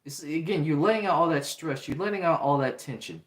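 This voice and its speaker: A man's voice: fairly high pitch, fairly quick. A young man hosting a livestream, talking in an earnest, repetitive way and reading out chat comments. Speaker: livestream host. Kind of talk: casual livestream talk. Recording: roomy echo.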